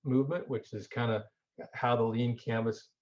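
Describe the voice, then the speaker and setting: A man's voice: mid-range voice, steady tone, moderate pace, darkish tone. A man giving a conversational lecture, informal, often restarting words and asking rhetorical questions. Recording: dull lo-fi audio.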